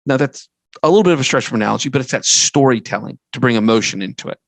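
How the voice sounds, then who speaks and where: Middle-aged man, earnest advice, mid-pitched voice, dry close sound, conversational, restarts sentences. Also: racing, creaky, dry recording, rough recording. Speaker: podcast host and fundraising consultant. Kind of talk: conversational talk giving advice.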